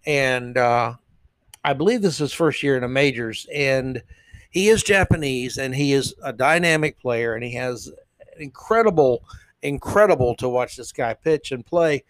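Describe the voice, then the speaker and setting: A man hosting a podcast, giving casual, opinionated commentary that rambles with frequent "uh" pauses. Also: mid-range voice, lively intonation, fairly bright tone, no echo. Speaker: podcast host.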